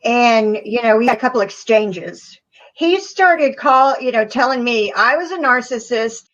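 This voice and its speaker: A middle-aged woman speaking as a guest in a casual call interview, halting and plain-spoken. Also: a little high, expressive, a bit bright, muffled recording.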